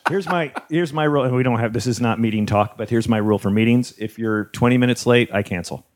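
A man who works in comedy, talking with the hosts of a podcast in a brisk, matter-of-fact way. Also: medium pitch. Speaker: comedy writer and podcast guest. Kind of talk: casual chat.

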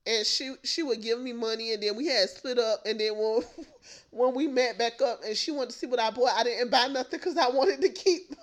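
A young adult woman co-hosting a podcast, telling stories in a loud, laughing, profane, animated way. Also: a little high, normal speed. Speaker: podcast co-host. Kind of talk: casual chat.

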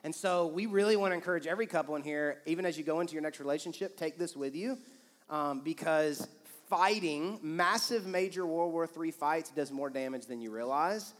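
A man preaching to a congregation, casual and animated, acting out quoted lines as he talks. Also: fairly high pitch, a little fast. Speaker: pastor. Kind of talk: sermon with couple's banter. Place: church auditorium. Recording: long reverb of a church hall.

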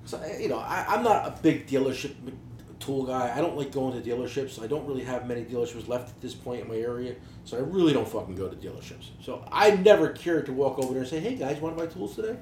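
A man hosting a podcast, swearing freely through lively, animated stories about his tool business. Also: mid-range voice, fast talker. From New Jersey. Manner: profane, animated storytelling. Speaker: podcast host, tool dealer. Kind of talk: casual podcast chat. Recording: roomy echo, faint background hiss.

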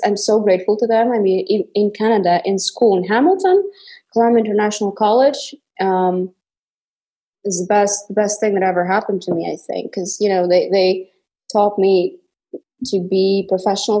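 A young adult woman from Kazakhstan speaks as a guest in a relaxed interview. Her medium-pitched voice turns animated as she tells stories, full of false starts and quick laughs. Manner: animated storytelling with frequent restarts and laughter. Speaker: actress guest. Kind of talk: casual interview conversation.

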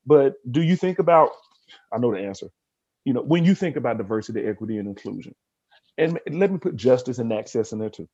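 A man's voice: medium pitch, expressive, quick pace, a little mellow, husky, muffled recording. A man hosting a podcast interview, rambling with many restarts and openly moved. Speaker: podcast host. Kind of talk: emotional interview conversation.

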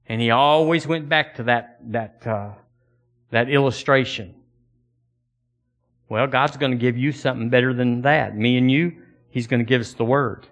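A man's voice: mid-range voice, moderate pace, fairly bright tone. A man preaching a sermon to his congregation, folksy and conversational, often repeating words as he builds a point and quoting old-fashioned scripture. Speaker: pastor.

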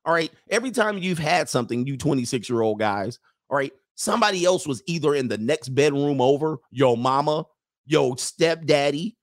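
A man in his forties hosting a livestream, joking loudly in a slangy, animated way while reading chat. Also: fairly high pitch, no echo, studio quality. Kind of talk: comedic livestream rant.

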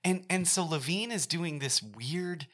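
A woman's voice: fairly low pitch, a little slow. A woman in her forties chatting casually as a podcast co-host, swearing freely and acting out film scenes in quoted voices. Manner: profane, joking, acts out scenes in quoted voices. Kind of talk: casual chat reviewing a film.

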